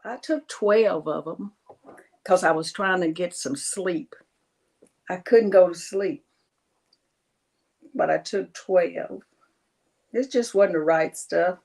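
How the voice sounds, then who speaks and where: A woman speaking as an interview guest, telling her story in a halting way with many pauses. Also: on the low side, vocal fry, a little mellow. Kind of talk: personal interview testimony.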